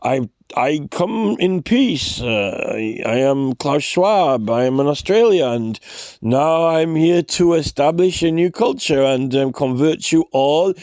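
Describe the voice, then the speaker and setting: A man voicing a megalomaniac older tycoon in a slow, hushed, mock-soothing voice. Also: on the high side, animated, dry recording. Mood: scheming. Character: scheming older male global tycoon, megalomaniac.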